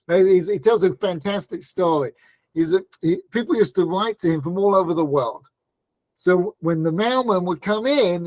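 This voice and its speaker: With a high-pitched yet darkish voice, a man gives a Torah class recorded without any room sound. He narrates stories casually, sprinkling in "right?" and voicing the quotes as if playing the parts.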